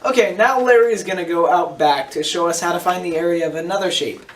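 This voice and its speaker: High-voiced mock anchor, far from the mic. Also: male voice, quick pace, roomy sound. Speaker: news anchor.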